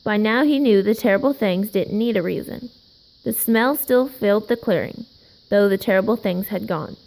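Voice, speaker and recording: A woman reads a children's picture book aloud in a slow, gentle way. Her voice has a gravelly fry to it, and she gives the characters a little life as she goes. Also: medium pitch, poor audio. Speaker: storybook reader.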